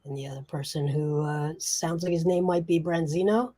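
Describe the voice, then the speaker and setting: A woman narrating a tabletop role-playing game as game master, in a halting way with frequent restarts. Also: sits low, fairly even intonation, dark tone. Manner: halting, many fillers and restarts.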